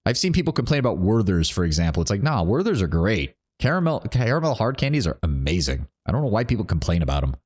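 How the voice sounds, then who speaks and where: A man's voice: fairly low pitch, sing-song, fast, few pauses, darkish tone. A man streaming a role-playing game, chatting casually and reading game dialogue aloud.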